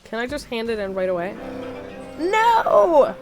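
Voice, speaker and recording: A woman's voice: medium pitch, racing, soft background music. A woman streamer with a sick voice, chatting casually and swearing while playing a game. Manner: chatty, swearing, self-mocking. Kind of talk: casual gameplay commentary.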